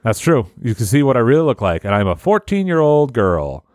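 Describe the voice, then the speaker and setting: A man's voice: mid-range voice, fairly quick, no room sound. A man hosting a podcast, chatting casually and cracking crude jokes at a close microphone. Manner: animated, profane, joking. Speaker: podcast host. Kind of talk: casual podcast chat and reading.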